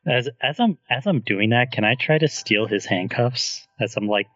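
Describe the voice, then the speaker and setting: A man's voice: mid-range voice, normal speed, a bit bright, lo-fi sound. A man playing a tabletop game in a jokey, playful way. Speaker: player. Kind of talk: casual tabletop play.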